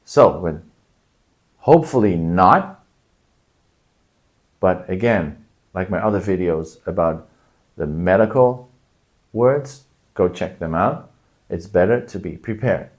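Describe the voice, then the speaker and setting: Relaxed man teaching phrases, lowish voice. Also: takes it slowly, pauses often, dull audio. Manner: explains patiently, acts out shouted examples. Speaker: language teacher. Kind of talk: casual video lesson.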